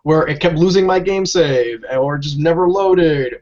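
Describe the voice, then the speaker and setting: A man's voice: fairly high pitch, moderate pace, darkish tone. A man co-hosting a casual gaming podcast, ranting and swearing freely. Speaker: podcast co-host. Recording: dull lo-fi audio.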